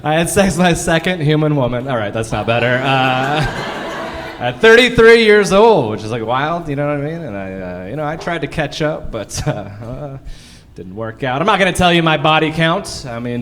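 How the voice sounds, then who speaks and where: A man's voice: medium pitch, expressive, normal speed, a bit bright, slight background noise. A self-mocking man doing stand-up. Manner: self-deprecating, laughs through his punchlines; chatty crowd work with the audience. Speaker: stand-up comedian. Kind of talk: stand-up comedy set. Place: live comedy stage.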